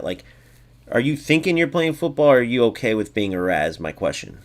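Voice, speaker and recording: A man's voice: medium pitch, very animated, brisk. A man hosting a gaming video, giving casual gameplay commentary in a blunt, sarcastic way and talking straight to his viewers.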